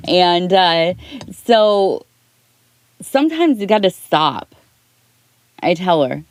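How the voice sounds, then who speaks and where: A middle-aged woman giving a soft-spoken ASMR tea leaf reading, rambling and talking in circles, close to the mic. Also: lowish voice, animated, a little slow, creaky, dry recording. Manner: rambling, talks in circles with restarts.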